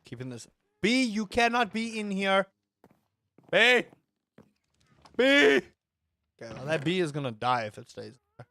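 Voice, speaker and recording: Excitable, foul-mouthed gaming man. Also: sits high, measured pace, pauses often, no room sound. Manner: excitable, swears freely, rambling asides. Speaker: gaming streamer. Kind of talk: casual let's-play commentary.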